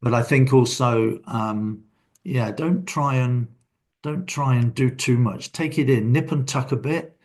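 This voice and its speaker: A man's voice: mid-range voice, unhurried, a little mellow. An older man, a guest in a casual interview, telling reflective stories from his working life. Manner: reflective, anecdotal storyteller.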